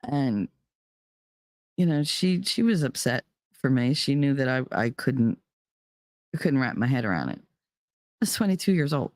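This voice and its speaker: A woman's voice: rumbling low, sing-song, unhurried, pauses often, a little mellow, dry recording, studio quality. A woman host telling a personal story bluntly, swearing freely and speaking with heated emphasis. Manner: blunt and profane, emphatic retelling. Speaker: podcast host.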